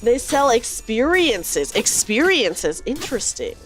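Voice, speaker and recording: A woman's voice: fairly high pitch, big pitch swings, slow, a bit bright, soft background music. A woman streaming a game, chatting with viewers and reading dialogue aloud. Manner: chatty, reacts aloud and reads lines in character.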